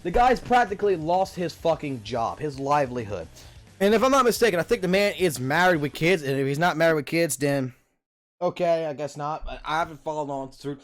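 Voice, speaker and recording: A man's voice: fairly high pitch, a little fast, faint music behind. Profane ranting man in his thirties. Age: 30s. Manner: profane, rambling rant; animated. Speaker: livestreamer. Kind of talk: casual stream commentary.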